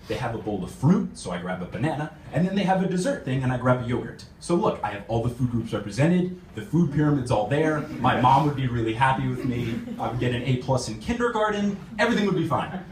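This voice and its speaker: A man's voice: mid-range voice, expressive, quick pace, hardly any pauses, slight background noise. A young American man performing a stand-up comedy set on a club stage, often laughing at his own jokes. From United States. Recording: roomy venue sound from a distance.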